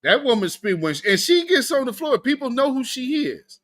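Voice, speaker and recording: A man's voice: extremely high pitch, normal speed. A man hosting a live stream, giving casual political commentary, talking to his chat and laughing often. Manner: animated, laughing, talks to chat. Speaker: livestream host.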